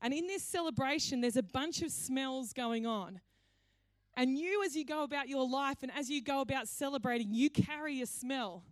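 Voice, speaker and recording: A woman pastor preaches in a conversational, playful storytelling way. Her voice sits fairly high. The sound is dry and close. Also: moderate pace, dry recording. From Australia. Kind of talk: sermon.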